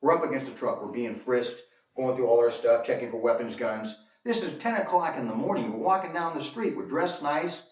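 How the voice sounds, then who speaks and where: A man in the middle range of pitch tells a long story in an emphatic rant and hammers points home by repeating them. His voice rings in a roomy space and sits well back from the mic. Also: a little fast. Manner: emphatic, repeats lines for effect, addresses viewers as folks. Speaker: commentator on his own channel. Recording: echoey room, distant from mic.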